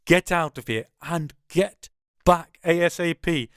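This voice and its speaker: A man voicing an emotional, gruff older man who swears fondly. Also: a little high, unhurried, no room sound, studio quality, natural voice. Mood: gruff, wry.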